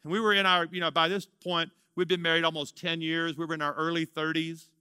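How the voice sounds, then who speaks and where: Man in his 50s, pastor preaching a story; ringing, very bright and smooth tone, lively delivery. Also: fairly high pitch, a little fast, dry recording. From Louisiana, US. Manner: animated storyteller, swings from excited to hushed. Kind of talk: sermon storytelling.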